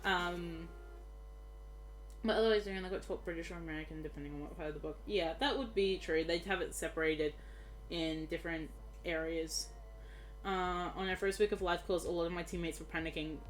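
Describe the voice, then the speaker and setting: A woman's voice: fairly low pitch, steady tone, fairly quick, faint music behind. A young Australian woman streaming a game, chatting casually in a giggly, rambling way. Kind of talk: casual chat while gaming.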